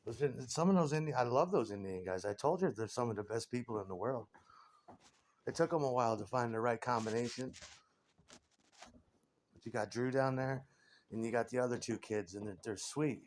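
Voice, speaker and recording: A man's voice: mid-range voice, brisk, long pauses, a little mellow, slight background noise. A man in his forties delivering a rambling, crude comic monologue, laughing often and stumbling over repeated words.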